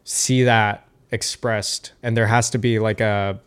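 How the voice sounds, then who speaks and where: A man's voice: on the low side, little pitch movement, takes it slowly, a bit bright, clean tone. A man as a podcast guest, chatting casually and thoughtfully, with many restarts and fillers.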